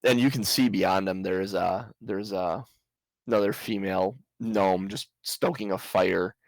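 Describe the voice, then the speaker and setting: A man's voice: low-pitched, a little slow, vocal fry, no room sound, rough recording. A man narrating as game master in a tabletop game, describing scenes and chuckling often.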